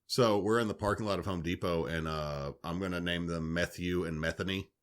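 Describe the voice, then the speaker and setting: A man, telling animated stories on a podcast, swearing freely. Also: sits low, fairly quick. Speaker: podcast co-host. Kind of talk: casual storytelling chat.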